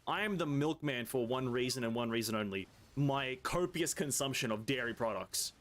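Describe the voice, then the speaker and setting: A man's voice: medium pitch, animated, a little fast, a bit bright. Laid-back Australian man streaming a game. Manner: laid-back, rambling, swears casually. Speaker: gaming streamer. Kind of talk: casual chat with stream viewers.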